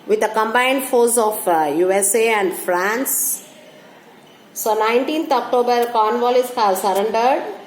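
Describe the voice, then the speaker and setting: Woman, teacher, classroom lecture, slow, halting restarts, echoey room, faint background noise. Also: medium pitch, a little mellow. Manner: halting, restarts phrases, repeats dates.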